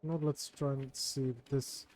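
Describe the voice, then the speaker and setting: A man's voice: mid-range voice, little pitch movement, measured pace, darkish tone. A man casually chatting with viewers on his game stream, rambling and self-mocking, swearing when something goes wrong. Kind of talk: casual live-stream chat with viewers while gaming.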